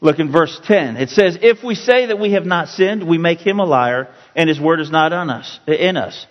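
A man teaching a Bible passage as a pastor, slow and emphatic, repeating key words for his listeners. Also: fairly high pitch, expressive. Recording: dull, roomy hall sound.

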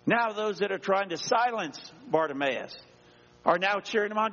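A man's voice: sits high, lively intonation, normal speed, a bit bright. A man preaching a sermon as pastor, reading scripture aloud and dramatically acting out the voices in it. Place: church. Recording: dull echoey church sound.

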